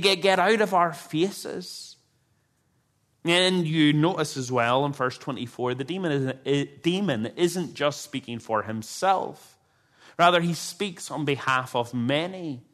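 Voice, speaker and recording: Earnest man preaching a sermon. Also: a little high. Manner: earnest, emphatic preaching with restarts. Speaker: pastor.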